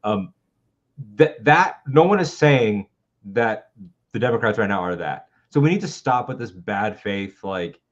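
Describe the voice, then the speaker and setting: A man's voice: on the low side, animated, unhurried, muffled recording. A man in his twenties co-hosting a live political talk show, ranting with heated, profane passion. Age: 20s. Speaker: co-host.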